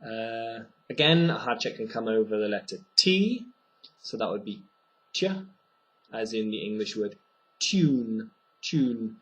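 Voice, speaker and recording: A man teaching a pronunciation lesson, speaking slowly and clearly and repeating each sound for the learner. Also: on the low side, lively intonation, pushed and bright, low-quality recording. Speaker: language teacher.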